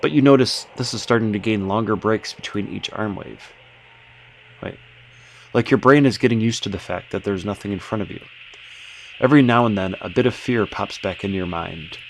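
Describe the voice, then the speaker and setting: Gravelly, low-voiced man reading a game aloud. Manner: halting, many fillers and restarts between smooth reading. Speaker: gameplayer narrating. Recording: noisy home setup with background music.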